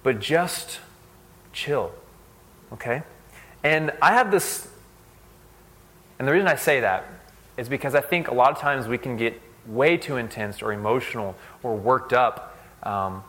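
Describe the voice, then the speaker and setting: A young man giving a casual, conversational sermon. He uses lots of "like" and tells stories in an animated way. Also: medium pitch, a little slow, long pauses. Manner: conversational, fillers like "like", animated storytelling. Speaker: speaker at a church service.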